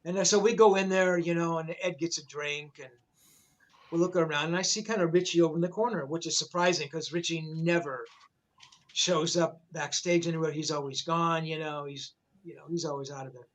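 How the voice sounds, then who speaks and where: A man's voice: on the high side, fairly even intonation, a little fast, rough recording. An older man, a rock journalist, telling a backstage story in casual, rambling talk, full of swearing, fillers and restarts.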